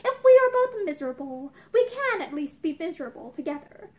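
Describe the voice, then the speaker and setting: An impulsive, kindly young gentleman pleads earnestly, his voice high and lively, as a woman reads him aloud. He coaxes rather than commands. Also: a little fast. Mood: persuasive. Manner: coaxing, earnest.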